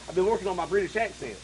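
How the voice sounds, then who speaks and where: A man's voice: high-pitched, darkish tone, rough recording. A man, a musician guest on a live radio show, telling folksy stories and joking around. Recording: hissy broadcast recording.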